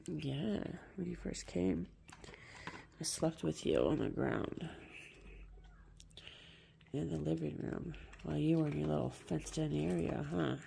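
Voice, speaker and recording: Gravelly woman cooing at her dog. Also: low-pitched, measured pace, pauses often, mellow, a little hiss or hum. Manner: sing-song pet talk, soothing and teasing. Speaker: dog owner.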